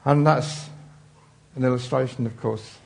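Guy preaching, gravelly voice, rambly and chatty, lots of ums. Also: medium pitch, fairly even intonation, measured pace, a little mellow. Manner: chatty, rambling, with many fillers and asides. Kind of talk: informal sermon.

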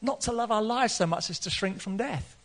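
Pastor guy preaching, earnest, laughs a lot, voice shoots up when he gets excited, a bit higher than most men. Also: brisk. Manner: earnest, laughing often, voice rising to excited peaks. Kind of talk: sermon.

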